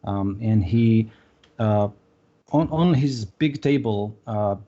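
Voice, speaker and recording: A man narrating as game master of a tabletop game, halting, with many pauses and "uh"s. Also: fairly low pitch, mellow, muffled recording. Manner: halting, full of "uh" and restarts.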